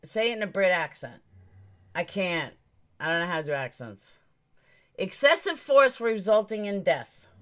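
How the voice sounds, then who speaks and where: A woman's voice: mid-range voice, very animated, normal speed, pauses often, fairly bright tone. A woman hosting a true crime live stream, talking straight to her chat in a blunt, emphatic, opinionated way.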